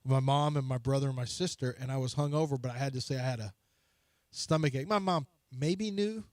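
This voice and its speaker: A man's voice: medium pitch, brisk, darkish tone, no room sound. A man, a sports radio host telling a rambling, self-mocking story in casual studio banter.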